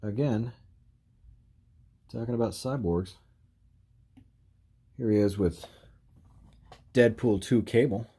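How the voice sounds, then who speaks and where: Toy-collector host: a deep-voiced man, easygoing and rambling, chuckling as he shows his figures. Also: slow pace, pauses often, warm tone, breathy edge. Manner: rambling, filler-heavy, frequent "you know"; chuckles while handling figures. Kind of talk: casual toy review vlog.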